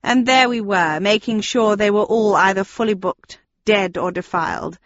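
A woman's voice: medium pitch, normal speed, dry recording, highs cut off, close to an everyday voice. A woman reading an audiobook, voicing a smug, gleeful villainous man who talks in a sneering, mocking way.

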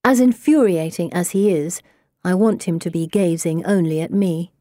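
A woman reading a novel aloud in the first person, measured and expressive. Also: on the low side, no echo, clean studio sound. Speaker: audiobook narrator.

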